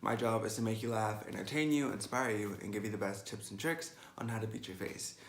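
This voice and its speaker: Brief: young man of 18, lowish voice, sassy storytime vlogger, echoey room. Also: a little fast, vocal fry, fairly bright tone. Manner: chatty and sassy, peppered with "like". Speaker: makeup vlogger. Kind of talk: casual storytime vlog. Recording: roomy echo.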